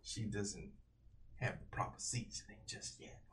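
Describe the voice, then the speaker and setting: Brief: man doing a soft-spoken, genteel brother, slightly low, polite and formal. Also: measured pace, slight background noise. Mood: apologetic. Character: courteous older brother, formal and apologetic.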